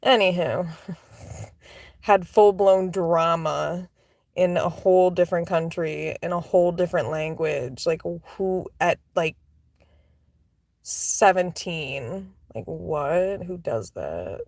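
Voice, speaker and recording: A woman telling casual storytime anecdotes, chatty and full of "like" fillers, laughing and swearing, sometimes dropping to soft whispery asides. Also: lowish voice, takes it slowly, gravelly, no room sound.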